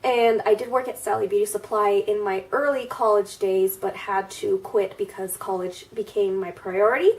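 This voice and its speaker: A woman's voice: mid-range voice, steady tone, normal speed, hardly any pauses, a little mellow. Stuffy-nosed woman chatting at a distance. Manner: chatty, rambling with fillers and restarts. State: stuffy, nasal from a cold. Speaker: beauty vlogger. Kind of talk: casual get-ready-with-me chat.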